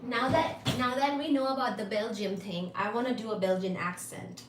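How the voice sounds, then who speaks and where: A woman's voice: fairly high pitch, a little fast, distant mic. A woman hosting a casual livestream from her kitchen, playful and chatty, cooing at her cats. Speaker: livestream host. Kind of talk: casual live-stream chat. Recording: echoey room with background noise.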